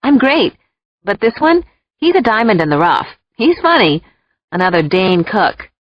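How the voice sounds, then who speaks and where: A woman's voice: medium pitch, very animated, very fast, slightly rough, no room sound. A woman voicing a chirpy, beaming waitress. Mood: cheerful. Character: cheerful, affectionate young waitress. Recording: dull lo-fi dry recording.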